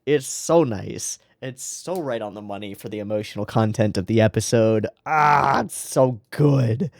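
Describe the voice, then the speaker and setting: A man's voice: on the low side, normal speed, mellow, no echo, studio quality. A man hosting an anime reaction show, talking casually and emotionally and swearing freely as he comments.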